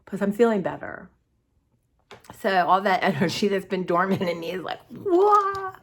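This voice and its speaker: A woman's voice: lowish voice, normal speed. A woman, rambling chattily to her viewers in a casual art vlog. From United States. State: sore throat. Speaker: vlogger.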